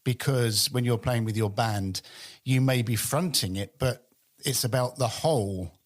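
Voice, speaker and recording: A man's voice: medium pitch, a little slow. A man hosting a podcast interview, affirming his guest in conversation. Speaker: podcast host.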